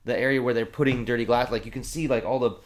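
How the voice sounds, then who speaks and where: A man's voice: mid-range voice, steady tone, fast talker. A man in casual conversation, a bartender who rants with profanity and acts out mocking voices in his stories. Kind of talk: casual podcast chat.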